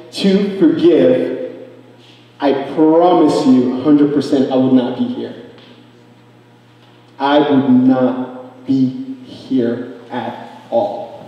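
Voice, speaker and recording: A man's voice: a little high, dark tone, muffled recording. A young man from Africa giving an emotional personal testimony at an event. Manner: emotional, earnest storytelling. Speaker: speaker. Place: event hall. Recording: echoey hall from far off.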